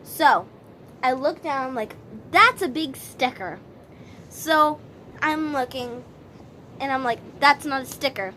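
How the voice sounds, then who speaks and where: A woman's voice: high-pitched, expressive, slow, pauses often, sharp tone, a little hiss or hum. A woman vlogger telling a story casually to camera, rambling with many restarts.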